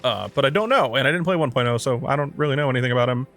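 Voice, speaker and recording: A man's voice: mid-range voice, rapid-fire, fairly bright tone, a little hiss or hum. A tired man casually commenting on a game, swearing, joking and rambling in asides. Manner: profane, jokey, rambling asides. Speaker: gaming channel host. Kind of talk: casual let's play commentary.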